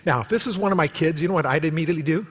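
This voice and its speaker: A man preaching a sermon as pastor in a church, animated and joking, acting out the voices he quotes. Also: on the high side, rapid-fire, husky. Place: church sanctuary. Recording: long hall reverb.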